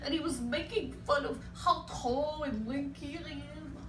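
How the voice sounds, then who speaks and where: A woman voicing a sad, lanky young male bird puppet who talks in a soft, whiny, mopey way. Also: high voice, unhurried, background noise. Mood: hurt. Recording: echoey room, mic at a distance.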